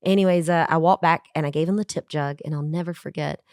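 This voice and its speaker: A woman from Georgia, a country singer telling stories as a guest in a casual podcast interview, chatty and animated, with lots of fillers. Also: low-pitched, fast, dry recording, clean studio sound. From Georgia, USA. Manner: chatty, animated anecdotes with acted quotes and fillers. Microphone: remote call from Nashville.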